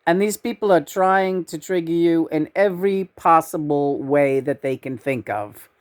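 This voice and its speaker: A woman's voice: sits low, moderate pace, natural voice. A woman channeling a lecturing male spirit. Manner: lecturing, addresses the audience as folks.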